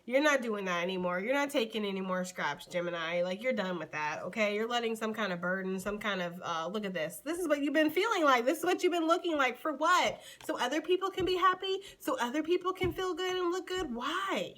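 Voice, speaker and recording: An American woman giving a casual tarot reading to her viewers, chatty and animated, calling listeners honey and sweetie. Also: fairly high pitch, brisk, few pauses. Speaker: tarot reader.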